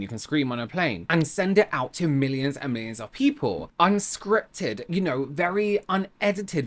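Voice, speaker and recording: A woman with an English accent hosting a reaction video, commenting in a sarcastic, exasperated way. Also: deep voice.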